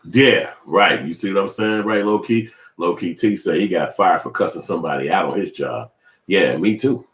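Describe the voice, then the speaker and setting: A man in his forties giving casual, profane commentary, animated and switching into high mimicking voices. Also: roomy sound. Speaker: video commentator.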